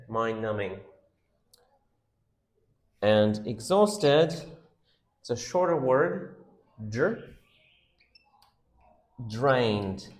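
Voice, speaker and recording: A man's voice: mid-range voice, echoey room. A man teaching vocabulary, sounding out words syllable by syllable and stressing them. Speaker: English teacher. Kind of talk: vocabulary lesson.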